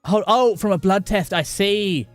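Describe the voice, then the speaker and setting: A man's voice: sits high, no echo, faint music behind. Middle-aged man, game streamer, chatty, stop-start delivery. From southern England. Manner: chatty, talks to chat by name, halting restarts. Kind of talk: casual live-stream chat over gameplay.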